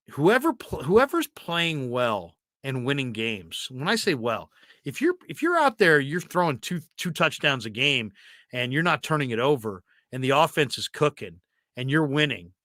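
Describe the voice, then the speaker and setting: Bright, animated sports talk host man. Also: medium pitch, measured pace, no room sound, clean studio sound. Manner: animated, self-interrupting storyteller.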